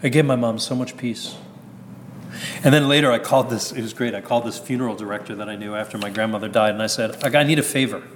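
A man's voice: fairly low pitch, level tone, fast talker. A male priest telling a personal story in a candid, rambling way, chuckling at his own jokes. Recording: reverberant hall with faint background noise.

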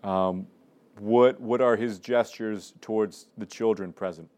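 A man leading a small prayer group. He talks in a loose, searching way, often restarting his sentences. When he turns to praying aloud or reading scripture, he slows right down. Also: fairly low pitch, steady tone, darkish tone.

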